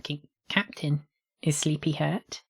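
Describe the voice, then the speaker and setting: A man's voice: a little high, level tone, slow, vocal fry, breathy edge, pitched above the performer's own voice, exaggerated voice. A man voicing a small stammering alien. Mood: anxious. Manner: stammering, worried. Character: small anxious alien creature, timid and earnest. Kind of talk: audiobook reading.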